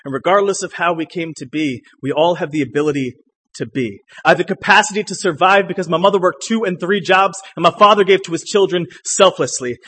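A young man with a high-pitched voice performs spoken word poetry in a live room. He moves between loud, punchy declamation and hushed lines. Between poems he chats loosely with the crowd. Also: breathy edge. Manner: loose rambling banter with the audience between poems.

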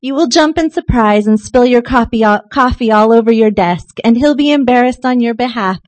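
Woman poet reading, high dry voice. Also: brisk, no room sound. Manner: expressive reading with soft, chatty asides. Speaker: featured poet. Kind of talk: live poetry reading. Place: poetry night venue.

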